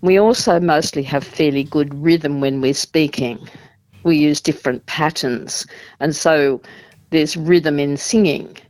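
Measured woman explaining calmly. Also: sits low, dry recording, low-quality recording. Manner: measured, explanatory, with frequent ums and restarts. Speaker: support group representative. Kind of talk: radio interview.

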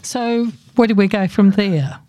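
Mellow woman hosting radio. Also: mid-range voice, a little slow, no echo. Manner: brief encouraging prompts, steering questions. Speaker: radio host. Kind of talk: radio interview.

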